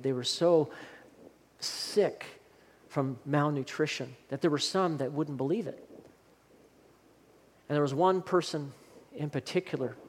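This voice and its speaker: A man preaching a sermon as a pastor, speaking earnestly and leading the congregation in a slow, soft closing prayer. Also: fairly high pitch. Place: church sanctuary during a service. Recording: long hall reverb, faint room noise.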